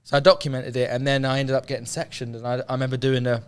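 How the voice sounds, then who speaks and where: A man's voice: mid-range voice, little pitch movement, quick pace, clean tone. A man telling his life story candidly as an interview guest, swearing freely and acting out what others said. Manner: swears freely, frequent restarts, acts out quoted speech.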